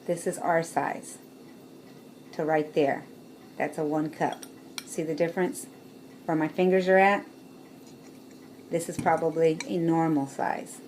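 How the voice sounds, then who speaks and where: A woman's voice: low voice, level tone, unhurried, pauses often, a little mellow, slight background noise. A woman chatting casually to her camera as a vlogger, showing things with bowls and laughing often.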